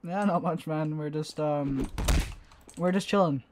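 A woman's voice: low voice, unhurried, background noise. A woman giving casual, playful gameplay commentary as a streamer, who keeps breaking into giggles. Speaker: gaming streamer.

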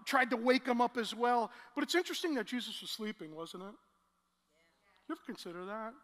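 Male preacher, storytelling sermon, pushes to loud emotional climaxes, bright tone. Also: high voice. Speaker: pastor. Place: large church hall. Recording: long church hall reverb.

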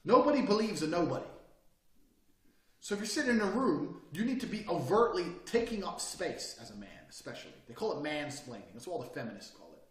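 A brash man in his thirties delivers a profane motivational lecture with fierce, lively swings in his voice. His tone sits on the higher side for a man. The sound is roomy, picked up from some distance off the mic. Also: a little fast. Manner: blunt, brash and forceful, swearing freely. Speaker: course instructor.

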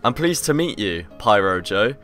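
A man's voice: lowish voice, sing-song, moderate pace, fairly bright tone, soft background music, voice pushed down. A man voicing a polite, slightly awkward male school teacher in a game, read in his own voice. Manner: plain reading of game text.

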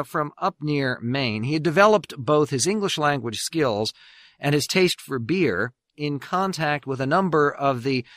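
A man's voice: mid-range voice, no room sound. A man tells a history story on the radio with a mid-range voice recorded dry and close in a studio. He is an emphatic storyteller whose volume swells on important words. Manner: emphatic storyteller, swings loud on key words. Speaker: radio host.

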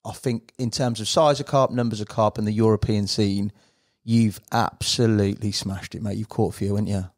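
A man's voice: on the low side, fairly even intonation, fairly quick, a little mellow. A man hosting a podcast interview, chatting casually and calling his guest mate often. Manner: friendly, says mate a lot. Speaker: podcast host.

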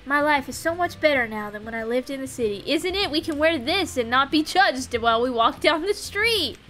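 A young woman streaming a farming game, giggling and chatting playfully, putting on quick voices for the characters. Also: sits high, animated, a bit bright. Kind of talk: live gameplay commentary. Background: faint game music.

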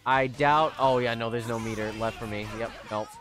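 A young man streaming live gameplay, talking excitably to his viewers, swearing often and yelling at the game. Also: mid-range voice, moderate pace, over music.

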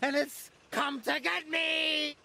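A man voicing a sneering, teasing male diesel engine in a storybook reading, high and jumpy. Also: level tone, takes it slowly, gravelly, sharp tone, raised voice, exaggerated voice. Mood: frightened.

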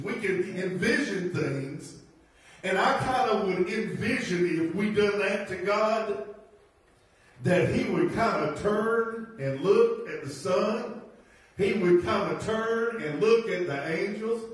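Pastor, man, high-ish voice, slow folksy preaching, distant mic in a very echoey sanctuary. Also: lively intonation. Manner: folksy, laughing asides, rhetorical questions. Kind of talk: sermon. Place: church sanctuary. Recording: very echoey church from far off.

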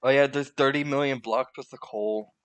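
A man chatting quickly with friends while gaming. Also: medium pitch, fairly even intonation, fairly bright tone, dry recording. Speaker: gamer. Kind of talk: casual voice chat while gaming.

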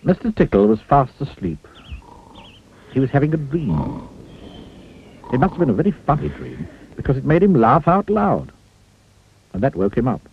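A man's voice: mid-range voice, wildly swooping pitch, moderate pace, vocal fry, long pauses, a little hiss or hum. A man reading a children's storybook aloud, playfully asking the listener questions. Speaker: storybook reader. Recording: tinny phone-like sound, faint music.

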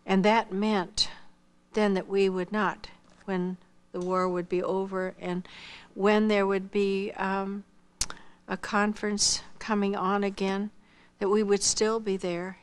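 A woman's voice: mid-range voice, clean tone. Older woman telling her testimony. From Iowa, United States. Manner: earnest, acts out quoted dialogue, drops softly toward a whisper at tender moments. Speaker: missionary giving her testimony. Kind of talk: personal testimony storytelling.

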